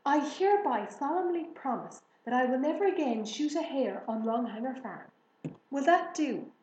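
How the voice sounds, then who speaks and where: Good-natured storybook farmer dad, read by a woman, dry and teasing, slow. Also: a little high, lively intonation, roomy sound, rough recording.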